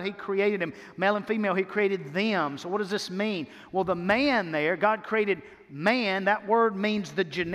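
A man preaches to his congregation in a high, carrying voice. He drives points home by repeating short phrases and slowing on key words. The sound rings with the long reverb of a church hall. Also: a bit bright. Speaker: pastor. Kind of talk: sermon. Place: church sanctuary.

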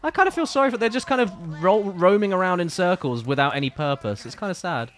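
A man's voice: high-pitched, lively intonation, quick pace, fairly bright tone. Playful man streaming a game. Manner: playful, teasing, chatty. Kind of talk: casual gameplay commentary.

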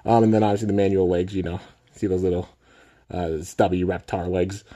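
A young man hosting a casual toy unboxing vlog, excitable and filling his talk with "man" and "dude". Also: low voice, a little fast. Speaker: toy reviewer and channel host.

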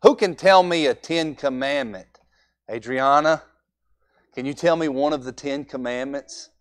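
A man's voice: mid-range voice, measured pace. Folksy man preaching. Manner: folksy, acts out altar conversations. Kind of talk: Sunday evening sermon.

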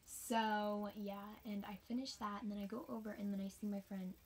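A woman's voice: medium pitch, steady tone, fairly quick, breathy edge. A young woman telling a casual, rambling story about her race, sometimes dropping into a whisper. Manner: chatty, rambling, drops into whispers. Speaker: homeschooled cross-country runner.

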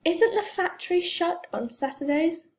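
A woman's voice: very high voice, expressive, a little slow, darkish tone, voice pushed up, full character voice. A woman reading the lines of a stuffy grown man in a storybook, huffy and disdainful. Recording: roomy echo.

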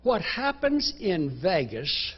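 A man preaching a sermon in a church, dramatically acting out inner voices in the first person and reciting scripture in slow, measured phrases. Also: sits high, big pitch swings, breathy edge, lo-fi sound. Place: church sanctuary.

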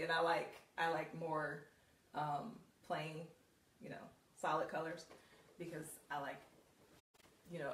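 A woman's voice: on the low side, fairly bright tone. A woman coaching viewers on putting outfits together in a casual live video, chatty and full of laughs and ums. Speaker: style coach. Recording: roomy, distant, faint hiss.

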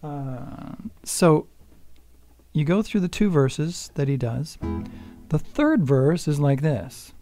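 An older man giving a casual guitar lesson, chatty and unhurried, counting beats aloud and singing lines softly. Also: on the high side, big pitch swings. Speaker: guitar teacher. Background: acoustic guitar playing.

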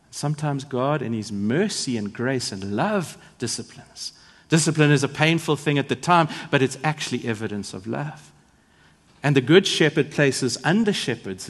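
A man preaching a sermon as a pastor, with emphatic swings between loud and soft. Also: mid-range voice. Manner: emphatic, rising and falling in volume for effect. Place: large church hall. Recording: long church hall reverb.

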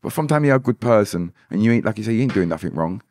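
On a podcast, a male musician guest talks in an emphatic, repetitive way, leaning on phrases such as "hundred percent." His somewhat low voice is animated, racing, and a little mellow, with a bit of hiss or hum in the background.

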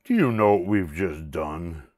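A man's voice: low-pitched, lively intonation, unhurried, a little mellow, no room sound, clean studio sound. A man voicing a clever, self-assured male owl in a storybook read aloud, sounding pleased with himself. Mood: amused. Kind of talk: storybook reading.

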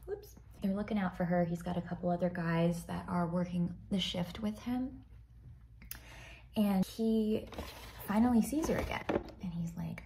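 A woman's voice: fairly low pitch, measured pace, gravelly, noisy background. A young woman casually telling a ghost story while doing her makeup, often dropping to a whisper. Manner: chatty, often drops to a whisper.

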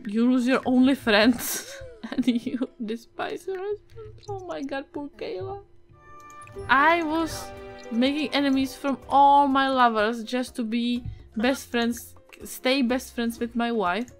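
A Czech-accented woman giving casual let's-play commentary, excitable, swearing and yelping at the game. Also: sits high, slow pace, faint music behind. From Czech Republic. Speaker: gaming video creator.

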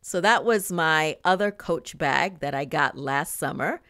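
A woman's voice: low-pitched, a little slow, fairly bright tone, clean tone, no echo. A middle-aged woman vlogging a fashion haul in casual chat, laughing often and talking straight to her viewers.

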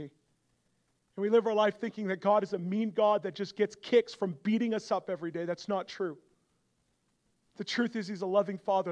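A young adult man preaching a revival sermon, moving from quiet storytelling to loud, impassioned appeals. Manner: builds from soft storytelling to loud, high-pitched fervor.

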